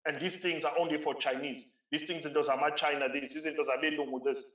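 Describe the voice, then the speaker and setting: A man's voice: fairly high pitch, little pitch movement, fast talker. A South African man giving a conference keynote speech, emphatic and driving points home by repeating phrases. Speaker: keynote speaker. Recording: roomy, distant, dull lo-fi sound.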